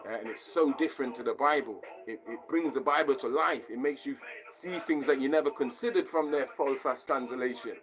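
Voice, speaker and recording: A man speaks in a mid-pitched voice as he hosts a live stream. He talks bluntly and casually, swears freely, and keeps checking whether his listeners understand. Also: fairly quick, hardly any pauses, low-quality recording. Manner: blunt and profane, often asks if you understand. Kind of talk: casual monologue to viewers.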